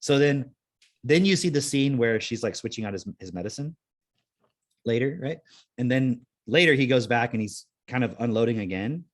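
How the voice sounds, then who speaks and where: A man's voice: medium pitch, lively intonation, normal speed. A man hosting a podcast in casual chat, rambling and laid-back, with lots of "like" and free swearing. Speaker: podcast host.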